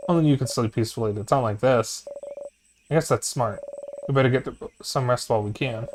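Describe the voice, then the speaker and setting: A man voicing a cheerful, gentle young woman friend in a video game, eager and then shy and apologetic, with game music behind. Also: mid-range voice, noisy background, natural voice.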